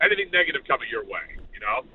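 A man's voice: medium pitch, racing, slightly rough, no room sound. A man in his thirties hosting a talk show, telling a story and acting out the people in it. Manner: animated storyteller acting out quotes. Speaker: radio show host. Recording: phone-like narrow band.

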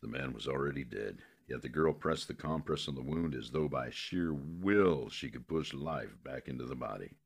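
A man narrating a western novel in a steady, measured way. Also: extremely low pitch, husky.

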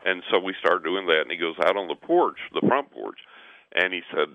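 A man's voice: sits low, animated, a little fast, creaky. A man telling a long personal story, acting out what people said, repeating words and laughing now and then. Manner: acts out quotes, repeats words, laughs mid-sentence. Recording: tinny phone line on radio.

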